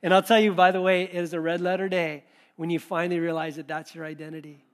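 A man pastor giving a sermon in a conversational, animated way, acting out quoted asides. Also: a little high, fast talker.

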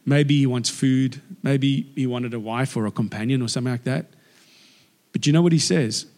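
A man giving a lively, conversational sermon and acting out the people in the story. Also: medium pitch, normal speed. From South Africa. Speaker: guest preacher. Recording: long hall reverb.

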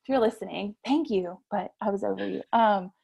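Chatty woman with gravelly fry. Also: mid-range voice, brisk, mellow. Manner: chatty, laughs often, acts out quotes. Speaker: guest mother sharing her birth story. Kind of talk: casual storytelling interview.

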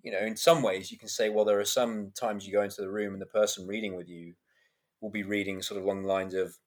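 A man in his thirties, an actor guest on a podcast, telling animated anecdotes and laughing often. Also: on the low side, fast. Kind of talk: podcast interview storytelling.

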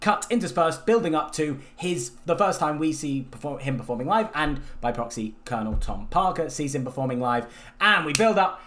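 Excitable high-voiced man. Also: brisk. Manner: animated, laughs while retelling scenes. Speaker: podcast co-host. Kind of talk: casual film review chat.

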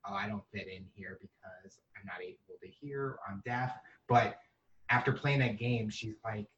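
A man's voice: on the low side, a bit bright, distant mic, dull audio. A man hosting an interview, reflecting on and summing up what his guest has said. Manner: reflective, sums up the guest's point. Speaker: interview host. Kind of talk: casual interview.

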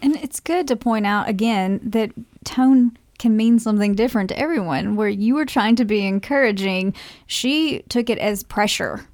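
A middle-aged woman who is loud by nature, talking in a podcast discussion. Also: mid-range voice, moderate pace.

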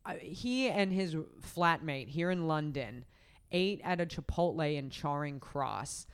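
Casual podcast host, female, deep-set and smooth, chatty and meandering. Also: expressive, a little slow. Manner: rambling, filler-heavy, laughs often. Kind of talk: casual storytelling chat. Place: podcast recording setup.

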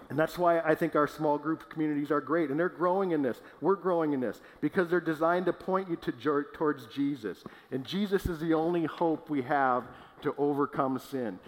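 A man preaching a sermon as pastor, earnest and emphatic, slowing down to stress key words and sometimes restarting a phrase. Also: fairly high pitch. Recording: long reverb of a large hall.

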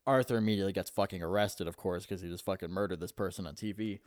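A man's voice: sits low, fairly even intonation, fast, no echo, clean studio sound. Young man swearing through a casual retelling. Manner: swears constantly, rambling retelling. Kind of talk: casual chat.

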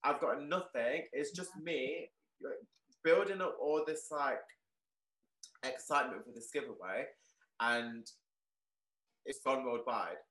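A young man who owns a clothing shop, telling a story in an interview, excitable and full of "like". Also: medium pitch, takes it slowly, long pauses. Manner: excitable, peppered with "like", animated retelling. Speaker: guest, clothing shop owner. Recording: roomy echo.

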